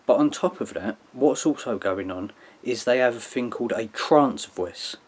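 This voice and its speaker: A man's voice: mid-range voice, lively intonation, normal speed, slightly rough. A man giving a casual, rambling explanatory monologue, tagging his sentences with "yeah" and "like" in an earnest, lecturing way. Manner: rambling, with frequent "yeah" and "like" tags. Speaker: video commentator.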